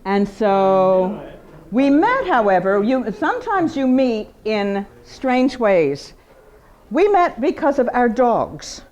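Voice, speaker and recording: A woman who paints portraits, giving an informal, chatty talk about her work to a live audience in an art gallery, with big swings of pitch for emphasis. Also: big pitch swings, slow pace, a little mellow, dull audio.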